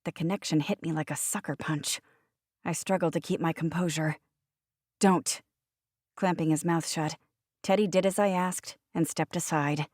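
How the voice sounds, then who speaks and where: A woman giving a wry, brisk first-person audiobook narration. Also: sits low, fairly even intonation, darkish tone, no echo, studio quality.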